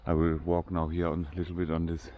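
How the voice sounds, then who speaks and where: Deep flat-voiced German man vlogging. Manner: halting, searching for English words, many restarts. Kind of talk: casual walking tour narration. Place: outdoor cemetery.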